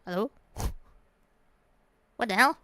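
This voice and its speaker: A young woman streaming a game, loud and excitable, swearing and mocking the characters she meets. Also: a little high, slow pace, slight background noise.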